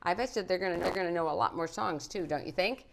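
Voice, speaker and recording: A woman's voice: fairly low pitch, fast, vocal fry, noisy background. A middle-aged woman hosting a live home cooking program, chatting cheerfully with children and viewers. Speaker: cooking show host. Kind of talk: live casual cooking chat with kids. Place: living room at home.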